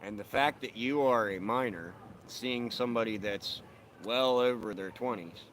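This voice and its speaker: A man chats casually into his phone while sitting outside on his sidewalk. He is blunt and profane, and he often breaks into laughter. A light layer of outdoor noise sits under his medium-pitched voice. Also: moderate pace, a bit bright. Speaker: live streamer. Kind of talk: casual live-stream chat. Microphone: phone camera.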